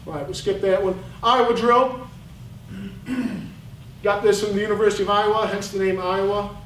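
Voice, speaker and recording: His voice sits high and moves at a normal speed as this football coach talks over game film at a clinic. He's animated and fired up, never softening his blunt, fiery remarks. It's captured on a distant mic in a roomy space, with a little faint noise.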